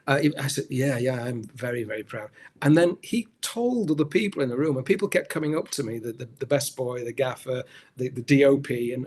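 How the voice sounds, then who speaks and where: A middle-aged man, an actor as a guest, telling stories in a relaxed interview, often restarting his sentences. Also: medium pitch, a little fast. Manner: rambling storyteller, many restarts. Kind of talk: anecdotal interview chat.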